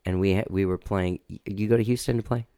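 A man talking candidly in a casual interview, rambling and making dark jokes. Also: low voice, fairly even intonation, quick pace, smooth, dry recording, studio quality. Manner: candid, rambling, darkly joking. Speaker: musician guest.

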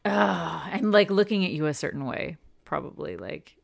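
A woman's voice: fairly low pitch, expressive, moderate pace, gravelly. A woman hosting a casual interview, asking reflective questions with many fillers. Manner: conversational, reflective, filler-heavy. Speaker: interviewer host.

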